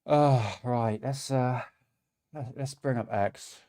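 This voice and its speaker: A man's voice: mid-range voice, slow pace, dark tone. A man hosting a livestream, ranting in exasperation, swearing and stammering through restarts. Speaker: livestream host. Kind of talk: reaction livestream rant.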